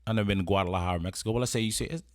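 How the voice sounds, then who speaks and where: A man's voice: low-pitched, steady tone, very fast, no echo, clean studio sound. A man presenting an etiquette lesson in a casual instructional style, partly read, often checking in with "right?". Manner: conversational, checks in with frequent "right?". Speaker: presenter giving etiquette advice.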